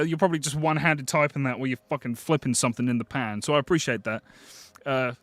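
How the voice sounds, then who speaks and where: A British man hosting a live stream, chatting casually with viewers, excitable and swearing freely. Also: a little high, no echo. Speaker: livestream host.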